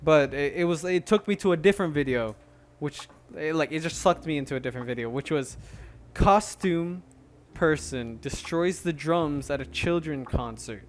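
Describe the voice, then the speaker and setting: A young man hosting a casual solo podcast, rambling with many restarts and fillers, a little out of breath. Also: fairly high pitch. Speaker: podcast host.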